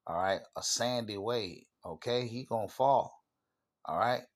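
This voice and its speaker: Deep-voiced man giving a sermon. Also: a little slow. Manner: punctuates with "all right" and "okay", emphatic, restarts. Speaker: channel host and preacher. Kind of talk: informal sermon with scripture reading.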